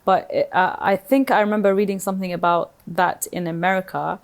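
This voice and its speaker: A young woman with a slightly low voice chats on a podcast. She sounds hesitant and inquisitive, filling her explanations with uhs and restarts. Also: fairly even intonation, fairly quick. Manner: hesitant and questioning, many uhs. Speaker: podcast co-host. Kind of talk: casual chat.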